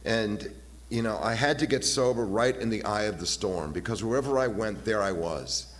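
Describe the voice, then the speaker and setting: A man in his fifties giving a halting, personal talk at a recovery meeting, often repeating his words and acting out voices as he retells. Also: on the low side. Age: 50s. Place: meeting hall. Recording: long hall reverb, faint hiss.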